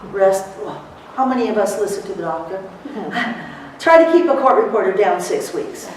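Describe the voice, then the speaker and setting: A middle-aged woman giving a lively motivational seminar to court reporters, telling stories and acting out what people said, laughing often. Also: mid-range voice, moderate pace, a little hiss or hum. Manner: animated storyteller, laughs often, acts out quotes. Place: seminar hall. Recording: echoey hall, recorded from far off.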